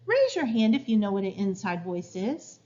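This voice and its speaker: A woman teacher explaining classroom rules to young children in a slow, clear, sing-song way. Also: medium pitch, very animated, warm tone. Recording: dull lo-fi recording.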